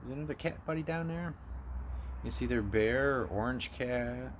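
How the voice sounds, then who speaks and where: A man talking softly to a stray cat on his porch, slipping into cooing baby talk. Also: normal speed, a little hiss or hum. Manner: soft baby talk to a cat, jumps high and gentle. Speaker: vlogger feeding a stray cat. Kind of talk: casual talk to an animal. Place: outdoors on a porch.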